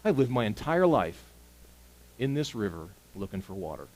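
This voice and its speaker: A wry, teasing talking fish, played by a man telling a parable from the pulpit. He ribs the human with easy sarcasm, and his pitch swings widely as he talks. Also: sing-song, normal speed, a little mellow, a little hiss or hum, rough recording. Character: cheeky talking river fish, male.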